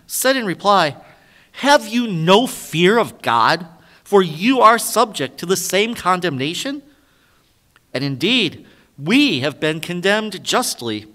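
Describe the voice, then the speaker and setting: A man, a priest, reading the gospel slowly and solemnly at Mass. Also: a little high, sharp tone. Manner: slow, solemn liturgical reading. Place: large church. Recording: long church reverb.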